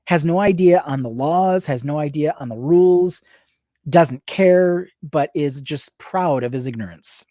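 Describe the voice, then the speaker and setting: Brief: woman reader, low warm voice, dry close sound, fast and sardonic commentary between passages. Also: no room sound. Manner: rapid-fire reading with sarcastic asides. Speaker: book reader on a livestream. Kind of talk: reading aloud with live commentary.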